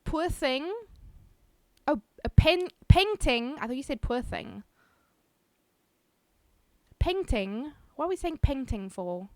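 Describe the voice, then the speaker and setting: A woman's voice: high voice, big pitch swings, slow pace, long pauses, a little mellow, no echo. A South African woman streamer chatting casually with her viewers, giggly and self-teasing. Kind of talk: casual chat reading viewer messages.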